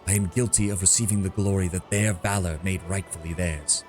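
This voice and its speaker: Guy reading as a haunted soldier captain in a fantasy game, low voice, solemn and bitter. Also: fairly even intonation, a little fast, darkish tone, soft background music, natural voice. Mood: somber. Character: guilt-ridden male soldier captain.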